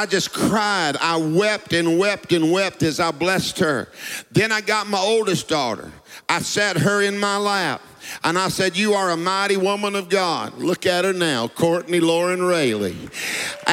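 A man's voice: high-pitched, unhurried, bright, forceful tone, long reverb tail. A man, preaching a sermon in a rhythmic, sing-song cadence and calling out to the congregation. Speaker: pastor.

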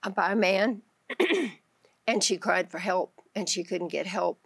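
A woman's voice: mid-range voice, takes it slowly, creaky, husky, dry recording. A woman with a Texan accent, a guest on a Christian talk show, telling her faith story with animation and acting out her own prayers. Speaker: guest author.

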